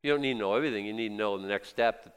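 A man's voice: on the low side, very fast, clean tone. A man preaching a sermon in a conversational way, quizzing his listeners and repeating himself. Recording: long hall reverb.

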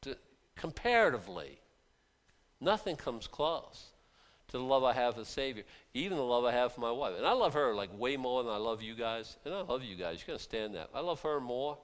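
A middle-aged man preaching a casual sermon to a small group, folksy and conversational, dropping to quiet asides and then rising to loud emphatic bursts, often repeating words as he restarts. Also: medium pitch, very animated, brisk.

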